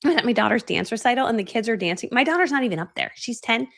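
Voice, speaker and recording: A woman's voice: a little high, lively intonation, racing, creaky, fairly bright tone. A woman in her forties presenting a motivational training talk as an online course coach, chatty and self-deprecating, acting out her own past reactions. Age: 40s. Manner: self-deprecating, chatty, many fillers like "right?".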